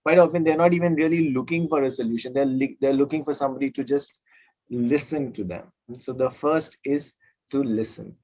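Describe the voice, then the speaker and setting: A man's voice: medium pitch, a little fast, darkish tone, low-quality recording. A man who works as a counselor tells a parable and then gives advice, talking with emphatic repetition and frequent hesitations. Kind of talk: storytelling and self-help talk.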